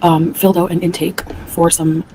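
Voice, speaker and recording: A woman's voice: on the low side, little pitch movement, moderate pace, dark tone, a little hiss or hum, low-quality recording. A woman from Canada ranting angrily on a livestream, profane and heated, answering her chat. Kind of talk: angry livestream rant.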